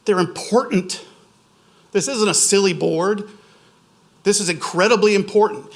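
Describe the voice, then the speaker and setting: A man's voice: high voice, measured pace, long pauses, a little hiss or hum. A man from Louisiana giving an impassioned public comment at a board meeting, telling stories and laughing at times.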